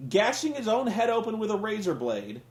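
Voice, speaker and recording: A man's voice: sits high, very animated, brisk, echoey room. A man hosting a casual comedic rant, sarcastic and profane, sounding exasperated. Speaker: podcast host reviewing wrestling.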